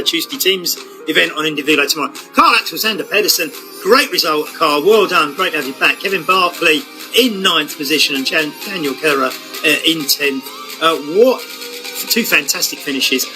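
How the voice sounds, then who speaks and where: A man giving live commentary on an online cycling race, excitable and full of fillers. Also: high voice, poor audio. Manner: excitable, building to shouts at the finish, many fillers.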